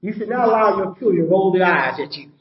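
A man's voice: high voice, expressive, brisk, reverberant, highs cut off. An older man preaching a sermon as pastor, emphatic, repeating his points and asking the congregation rhetorical questions.

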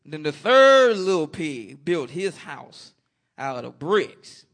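A preacher delivers a folksy sermon with a high, bright voice. He talks at an unhurried pace but his pitch leaps up and down. He keeps breaking off to call out amen to the congregation. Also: very animated.

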